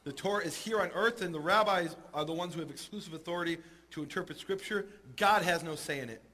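A man telling a Talmud story in a lively, humorous way and acting out the characters. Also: a little high, quick pace, slight background noise. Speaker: teacher retelling a Talmud story. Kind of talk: animated storytelling talk.

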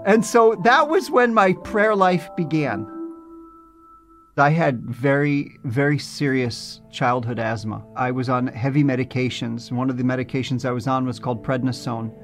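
A man's voice: medium pitch, normal speed, soft background music. A man from New Jersey telling his personal testimony in an earnest, reflective storytelling manner. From New Jersey, USA. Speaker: testimony speaker.

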